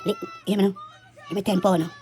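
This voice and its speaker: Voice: medium pitch, fairly even intonation, quick pace, close to an everyday voice. A performer with a Jamaican accent playing a brash, swearing, weed-smoking street guy in a comedy skit. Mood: gossipy. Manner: loud, swearing, boastful patois. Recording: noisy background.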